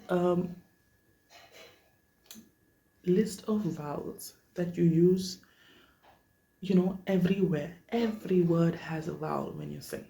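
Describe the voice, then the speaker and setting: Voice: creaky, dark tone. A vocal coach teaching vowels in a workshop, checking in with listeners often. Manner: checks in often, demonstrates vowels at high pitch. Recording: echoey room.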